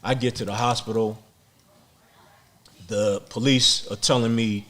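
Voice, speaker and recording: A man's voice: on the low side, measured pace. Blunt, profane middle-aged man storyteller. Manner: blunt, profane, repeats words when excited. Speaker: podcast guest. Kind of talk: street storytelling interview.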